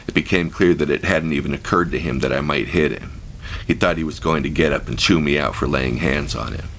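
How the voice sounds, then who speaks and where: A man reads his memoir as an audiobook, frank and vivid, with crude language. His voice is extremely deep and gravelly. A faint hiss of noise sits behind him. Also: brisk, a bit bright. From United States. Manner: frank, profane, vivid storytelling. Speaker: author-narrator.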